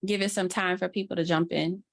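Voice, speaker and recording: A woman's voice: on the low side, fairly even intonation, a little fast, vocal fry. A woman with a New Orleans accent, a guest mentor teaching an online class on a video call, chatty and upbeat with Southern slang. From New Orleans, USA. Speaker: guest mentor, social media coach.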